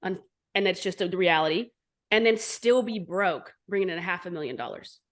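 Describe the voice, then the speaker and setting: Blunt, animated businesswoman in her forties. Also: fairly low pitch, a little fast. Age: 40s. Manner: blunt, profane, animated storytelling. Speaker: entrepreneur guest. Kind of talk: candid storytelling interview.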